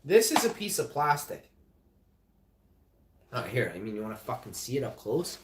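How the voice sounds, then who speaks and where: A man rants on a live stream from his home kitchen, swearing constantly and sounding indignant. His voice sits mid-pitched and the room rings around him, audibly echoey. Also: wildly swooping pitch, normal speed, a little hiss or hum. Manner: profane, ranting, indignant. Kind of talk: casual live-stream rant.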